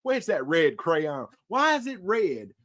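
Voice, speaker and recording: A man co-hosting a casual podcast about movies, with a high voice that swings widely as he talks. He tells stories with plenty of energy and acts out the other people in them. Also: normal speed. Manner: animated storyteller, acts out voices. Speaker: podcast co-host. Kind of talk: casual movie-discussion chat.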